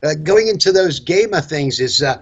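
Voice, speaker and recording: A man with a fairly high voice, chatting as co-host of a casual live show. His humor is dry and deadpan, and he mixes in crude jokes. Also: normal speed, breathy edge, dull audio. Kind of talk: casual live-stream chat.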